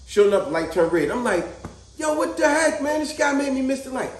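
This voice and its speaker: A man's voice: extremely high pitch, fairly quick, a little hiss or hum. A middle-aged man telling a story casually, acting out the people in it. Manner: animated, acts out voices of people in his stories. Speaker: vlogger telling stories. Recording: echoey room.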